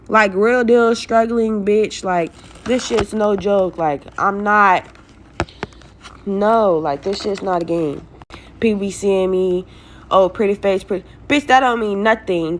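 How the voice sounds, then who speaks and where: A woman's voice: mid-range voice, a little hiss or hum. Young woman, stressed, blunt and profane, telling a story-time straight to her viewers. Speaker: vlogger telling a personal story.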